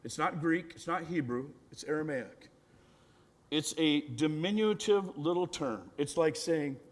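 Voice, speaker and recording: A man, a pastor, preaching a storytelling sermon, acting out quoted voices and often adding "right?", sometimes dropping to a hushed, gentle voice. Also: fairly high pitch, a little slow. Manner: drops to a hushed, gentle voice for tender moments.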